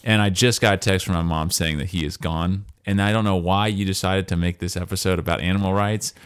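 A man's voice: low-pitched, fairly even intonation, brisk, smooth. A man co-hosting a casual podcast, rambling and chatty, reading list items aloud between stories. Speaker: podcast co-host.

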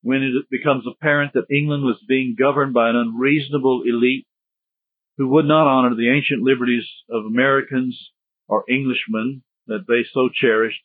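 A man with a medium-pitched, steady voice delivers a history lecture at a moderate pace, wandering off on digressions and tossing in jokes along the way. The recording is dry and tinny, like a phone line, with no echo.

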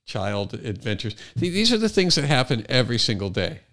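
Man, casual podcast co-host, laid-back, jokey, quick to interject. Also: medium pitch. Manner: relaxed, jokey, chimes in often. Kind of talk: casual chat.

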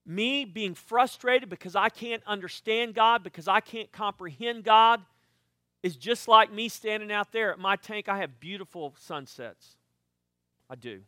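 Delivering a sermon, an older man who is a pastor moves animatedly from soft asides to loud, emphatic outbursts. He speaks a little slowly in a voice that sits high. It's a studio-quality recording without any room sound.

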